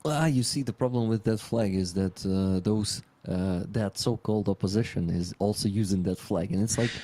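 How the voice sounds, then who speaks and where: Low, mellow-voiced man. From Ukraine. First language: Russian. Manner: earnest, halting, with many fillers. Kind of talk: casual livestream chat.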